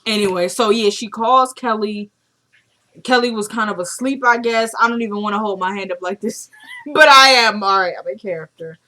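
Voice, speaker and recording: Young woman, casual vlog chat, chatty, animated, quoting characters in her own voice, mid pitch. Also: normal speed. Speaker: TV episode recapper. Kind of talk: casual chat recapping a TV episode.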